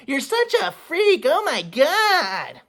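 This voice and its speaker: A man doing his shrill sneering mother. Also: wildly swooping pitch, slow, a bit bright, exaggerated voice. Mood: scornful. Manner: mocking, insulting, sing-song taunts.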